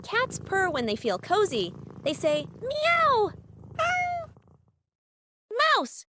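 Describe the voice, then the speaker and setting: A woman hosting a children's lesson, reading scripted narration for toddlers in a sing-song voice, naming each word slowly and with exaggeration. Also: high voice, very animated, noisy background. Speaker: children's educational host.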